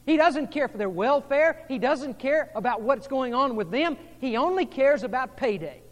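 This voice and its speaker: A man preaching a sermon as pastor, moving between hushed, intimate passages and emphatic, rising delivery. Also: very high-pitched, animated, normal speed, in a large hall.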